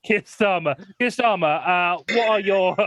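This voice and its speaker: A man hosting a live comedy show as a mock debate moderator, halting with fillers and laughing often. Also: high voice, a bit bright, no echo. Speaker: host.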